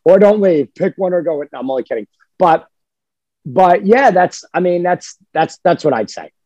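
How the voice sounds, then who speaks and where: Male dog trainer, husky and a little high, emphatic podcast chatter in a dry room. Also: moderate pace, dry recording, muffled recording. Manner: emphatic, animated, acts out dog voices. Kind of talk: casual podcast chat.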